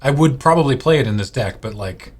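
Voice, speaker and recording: A man's voice: medium pitch, animated, brisk, a little mellow, slightly rough. A man co-hosting a card game stream in casual, jokey chat. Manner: jokey, eating while talking. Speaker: co-host.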